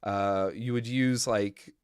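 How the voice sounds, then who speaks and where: A man's voice: lowish voice, fairly even intonation, takes it slowly, smooth, no echo, clean studio sound. A man co-hosting a casual web development livestream, rambling with frequent laughs, fillers and restarts. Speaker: co-host.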